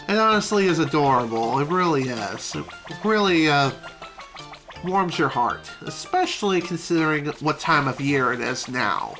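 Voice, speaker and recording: A woman's voice: low-pitched, animated, moderate pace, fairly bright tone, faint music behind. A woman giving casual, chatty commentary while playing a video game, opinionated and full of fillers. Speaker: let's play streamer.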